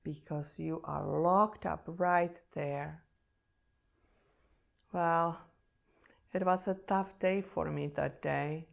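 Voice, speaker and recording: A woman's voice: low voice, steady tone, slow, gravelly, pauses often. A woman who teaches meditation, telling a personal story in an earnest, emotional and reflective way.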